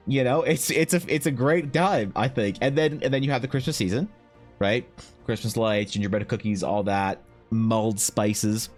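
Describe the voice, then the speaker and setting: A man's voice: mid-range voice, fairly even intonation, moderate pace, soft background music. A young Canadian man streaming, chatting loosely and profanely while answering his chat. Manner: rambling, loose and profane, reads chat aloud. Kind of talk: casual chat while drawing.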